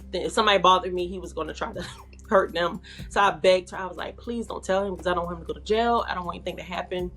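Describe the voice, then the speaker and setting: A young woman with a fairly low voice shares her life story as an interview guest, speaking candidly in a loose, conversational way full of fillers. Soft music plays faintly behind her. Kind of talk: personal testimony.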